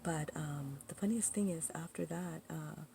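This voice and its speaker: Brief: woman storyteller, low gravelly voice, rambling and indignant, lots of asides. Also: a little slow, a little hiss or hum. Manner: rambling, full of "you know" asides and restarts; indignant, animated retelling. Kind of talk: casual personal storytelling.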